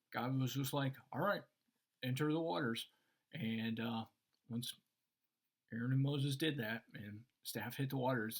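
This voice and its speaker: A man's voice: mid-range voice, breathy edge. A man in a casual faith discussion, explaining Christian ideas and acting out the voices in his stories. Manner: animated storyteller, acts out voices in anecdotes. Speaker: Christian teacher.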